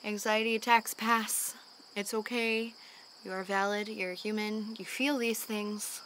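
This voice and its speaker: A young woman in a candid home vlog, talking earnestly and openly, sighing often as she calms down after a panic attack. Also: mid-range voice, a little slow, background noise. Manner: earnest and open, with frequent sighs and fillers. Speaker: vlogger. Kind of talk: candid personal talk to camera. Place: at home in the evening.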